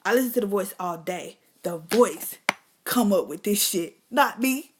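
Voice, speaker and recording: A middle-aged woman hosts a live stream, speaking in a medium-pitched, expressive, unhurried voice against a noisy background. She tells a personal story candidly and bluntly, cursing a lot, being emphatic, and talking straight to her viewers as "y'all."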